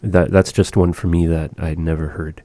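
A man's voice: low voice, little pitch movement, moderate pace, dark tone, no echo. A man casually teaching phrases of a language, explaining patiently with many fillers and repeating each phrase. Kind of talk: casual language lesson chat.

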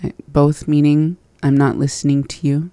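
Woman, low warm voice, slow and careful, practising phrases in a language lesson, dry close sound. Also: level tone, dry recording. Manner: practises phrases slowly and laughs at her slips. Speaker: language learner and co-host. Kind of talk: casual language lesson chat.

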